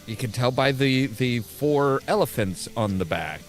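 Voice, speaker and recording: A man's voice: medium pitch, animated, unhurried, faint music behind. A man casually commenting while playing a game, rambling and restarting his sentences often. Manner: rambling, self-interrupting, frequent restarts. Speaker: gameplay video host.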